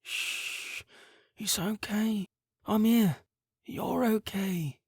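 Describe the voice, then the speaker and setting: A frail older mother speaks in a high, breathless, wondering voice, as a male narrator puts her on. Her talk rises and falls in lively arcs. The reading is close and dry, with no room sound. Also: measured pace, no echo. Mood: tender. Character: frail, tender older mother, just healed.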